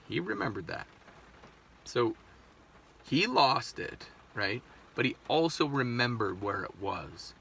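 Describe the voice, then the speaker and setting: A man's voice: mid-range voice, gravelly, pushed and bright, slight background noise. A man in his thirties, a parent of a seven-year-old, talking candidly in a casual, rambling monologue with swearing and frequent restarts. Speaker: podcast host.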